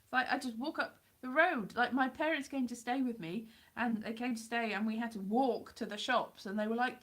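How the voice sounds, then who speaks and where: A woman's voice: a little high, moderate pace. Chatty Welsh woman live streamer, wanders off topic and mocks herself, faded accent. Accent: Welsh mixed with English Midlands. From Wales. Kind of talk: rambling casual chat.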